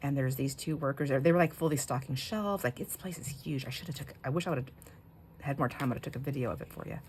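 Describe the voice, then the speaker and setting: A middle-aged woman with a very deep, slightly mellow voice talks fast, with slight background noise, while hosting a craft channel video. She chats casually and tells a story as she works, laughing often and breaking off mid-sentence.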